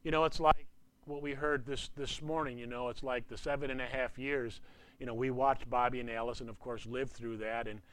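A man in his sixties, a pastor, preaching in a conversational way, peppering his talk with "you know" and dropping to a hushed voice for emphasis. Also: mid-range voice, steady tone, fairly quick, smooth. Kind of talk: sermon.

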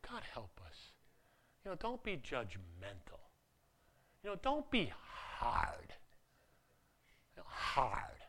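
A pastor preaches to his congregation in a loose, conversational style, often restarting sentences and poking fun at himself. His mid-range voice is husky and sharp, slow, with long pauses and huge swings in pitch.

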